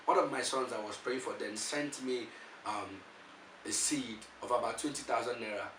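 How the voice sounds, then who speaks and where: A man with a Nigerian accent giving an animated motivational testimony as a preacher, often repeating words as he restarts. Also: mid-range voice, normal speed, a little hiss or hum. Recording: echoey room, voice from far off.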